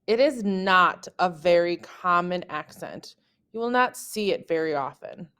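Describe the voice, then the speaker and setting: A woman French teacher narrating a scripted lesson, saying example words slowly and carefully. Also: lowish voice, lively intonation, fairly bright tone, smooth.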